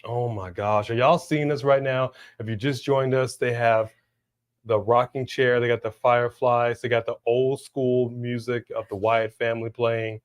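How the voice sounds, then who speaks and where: A man co-hosting a live wrestling watch-along stream, chatting casually, slangy and animated as he reads out viewer messages. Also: medium pitch, normal speed.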